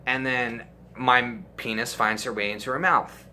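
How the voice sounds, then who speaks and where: Bright-voiced young man telling crude stories. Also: medium pitch, a little slow. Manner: crude, profanity-heavy, animated storytelling. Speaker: storytime YouTuber. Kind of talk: casual storytime.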